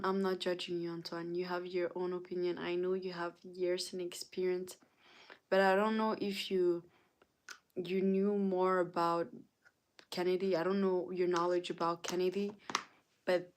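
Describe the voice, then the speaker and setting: Young woman streamer; slow, unhurried delivery; playful, teasing, dramatic with her viewers. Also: lowish voice. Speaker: livestream host. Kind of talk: casual livestream chat with viewers.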